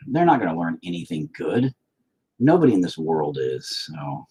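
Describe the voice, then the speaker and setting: A young man talks loosely to his viewers, full of swearing and tangents. His voice sits low with a husky grain. It swings up and down a lot as he rambles. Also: moderate pace. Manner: rambling, profane, animated. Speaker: livestreamer painting while chatting. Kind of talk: casual stream chat. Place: home, indoors.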